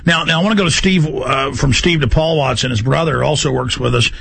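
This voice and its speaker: Gravelly, high-pitched radio host man. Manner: rapid, pushy and excitable. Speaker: radio talk show host. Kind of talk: fast talk radio interview and article reading.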